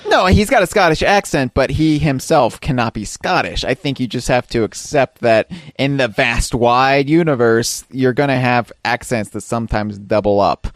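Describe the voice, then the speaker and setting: A man's voice: mid-range voice, normal speed, hardly any pauses, no room sound. A male podcast co-host riffs in loose, casual chat, wry and sarcastic. His voice sits in the middle range. The sound is dry and close to the mic.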